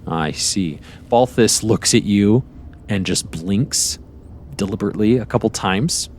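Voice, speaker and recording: Deep-voiced man as game master. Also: unhurried, darkish tone, a little hiss or hum. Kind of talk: narrating a tabletop game.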